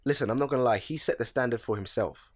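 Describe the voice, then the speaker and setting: A man's voice: mid-range voice, fast talker, a crowd in the background. A young man, co-hosting a podcast in slangy, laid-back banter. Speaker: podcast co-host. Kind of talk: casual chat.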